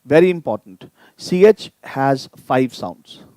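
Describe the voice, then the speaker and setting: A man teaching German in a live online lesson, repeating each sound slowly so viewers can copy it and inviting them to type in questions. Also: mid-range voice, expressive, mellow, dry recording. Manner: addresses viewers directly, inviting typed questions.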